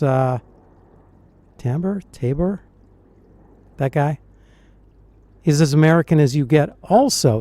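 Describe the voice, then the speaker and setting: A man's voice: sits high, mellow, no echo. A middle-aged man and dialect coach talking through a film in a musing, hesitant reaction commentary.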